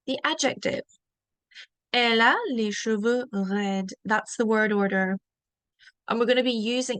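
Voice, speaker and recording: A woman teaching a beginner French lesson, modelling each word slowly and asking learners to repeat it. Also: mid-range voice, fairly bright tone, no echo. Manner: slow, drawn-out modelling of each word for repetition.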